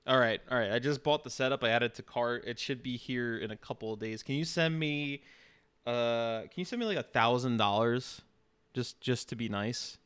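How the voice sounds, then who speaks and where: A man's voice: mid-range voice, normal speed, a bit bright, smooth. A man live streaming, chatting casually and teasing, often laughing.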